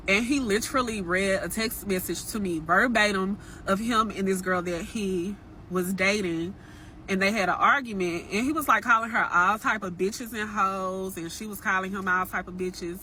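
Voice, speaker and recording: A woman's voice: mid-range voice, moderate pace, bright, forceful tone, a little hiss or hum. A young woman telling a personal dating story to her viewers in a casual, frank, chatty way. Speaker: storytime vlogger.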